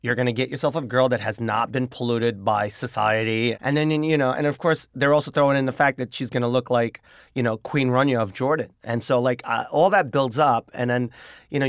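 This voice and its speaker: A man in an interview, casually telling his own story in an animated, chatty way, with music playing underneath. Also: mid-range voice, dry recording, clean studio sound. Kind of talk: casual first-person storytelling.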